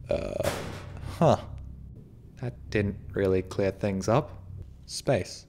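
Music plays behind a let's play host whose lowish voice has lively intonation. Taking it slowly and pausing often, he jokes and curses through a horror game, yelping in surprise at the scares.

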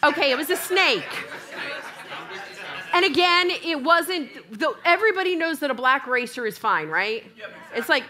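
Lady preaching in church, kinda high voice, acts out the dialogue, lots of energy. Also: normal speed, a faint crowd. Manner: animated storytelling, acts out both sides of dialogue. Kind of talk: sermon with a funny personal story.

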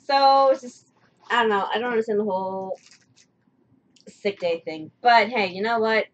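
A woman's voice: on the high side, moderate pace. A young woman casually co-hosting a live chat show, chatty and laughing often, restarting her sentences. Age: young adult. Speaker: host. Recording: dull lo-fi sound with faint noise.

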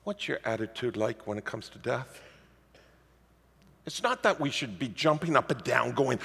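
A man preaching a sermon as the pastor, telling stories in a lively, animated way. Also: medium pitch, moderate pace, creaky, breathy edge. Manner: lively storytelling preacher, animated swings in loudness. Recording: reverberant hall.

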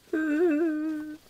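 A gaming YouTuber giving let's play commentary, excitable and goofy, swearing often and mocking themselves. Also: high-pitched.

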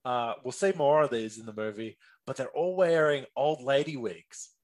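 A podcast guest in casual chat, animated and playful while describing a movie. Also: mid-range voice, normal speed. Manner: animated, acts out characters in quotes.

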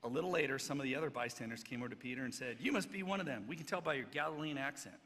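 A man preaching a sermon as pastor, swinging between loud emphatic stretches and hushed, soft passages. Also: medium pitch, racing. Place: church sanctuary. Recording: church hall reverb, faint background noise.

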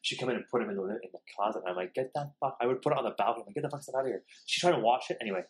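A young man hosting a loose, casual talk show, telling stories at a rapid clip. His pitch sits in the middle for a man. He is animated and swears freely. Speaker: podcast host. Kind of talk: casual chat, storytelling.

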